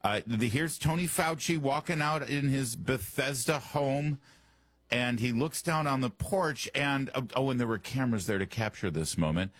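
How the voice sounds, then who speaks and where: A man's voice: mid-range voice, moderate pace, fairly bright tone, dry recording. A man hosting a talk radio show, commenting in a sarcastic, mocking way from a studio microphone.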